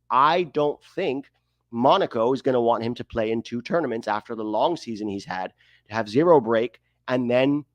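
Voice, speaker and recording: A man with a medium-pitched voice hosts a soccer livestream, delivering emphatic, opinionated sports commentary and frequently tossing in rhetorical questions. The recording has no room sound.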